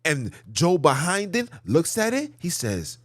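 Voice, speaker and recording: In this studio-quality clip with no room sound, a man with a fairly high voice hosts a podcast, speaking slowly with huge swings in pitch. His monologue is heated and preachy, driving each point home emphatically through repetitive lists.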